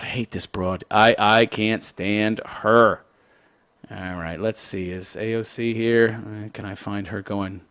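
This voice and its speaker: A man's voice: on the low side, vocal fry. A man hosting a live online show, ranting in casual, sarcastic and profane commentary.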